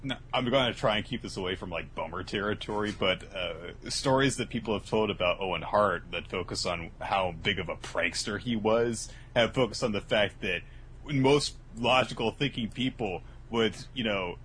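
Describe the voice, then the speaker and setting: A man's voice: fairly low pitch, normal speed, fairly bright tone, slight background noise. A man co-hosting a casual comedic podcast, swearing freely and acting out lines in exaggerated voices. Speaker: podcast co-host.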